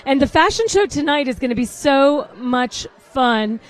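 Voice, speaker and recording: Chatty red carpet host, woman, high voice, bubbly and easily sidetracked. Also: expressive, unhurried. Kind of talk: live event hosting. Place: red carpet at a salon event.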